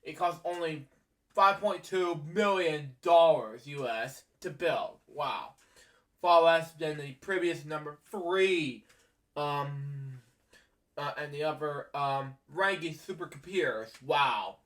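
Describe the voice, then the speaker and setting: Halting young man reading aloud slowly. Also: a little high, fairly bright tone. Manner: stumbling reader, many ums, frequent apologies for misspeaking. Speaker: amateur video maker reading facts aloud. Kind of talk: halting read-aloud narration. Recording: voice from a distance from the mic.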